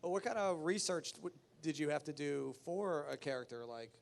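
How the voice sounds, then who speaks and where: A man's voice: a little high, animated, normal speed, creaky. A man moderating a fan convention panel, asking questions with short halts and restarts. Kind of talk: interview questions.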